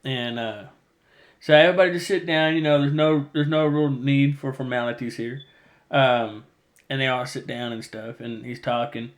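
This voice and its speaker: A man's voice: mid-range voice, fairly even intonation, moderate pace. A man hosting a casual chat, rambling through a retelling of a novel's plot and acting out the characters' lines. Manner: rambling storyteller, acts out quoted lines. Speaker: podcast host.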